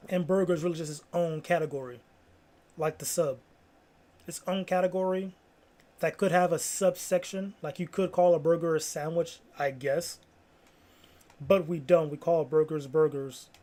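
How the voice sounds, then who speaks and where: Man, casual host, rambling, lots of fillers, somewhat high pitch. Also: fairly even intonation, moderate pace, mellow. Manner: rambling, self-amused, full of "like".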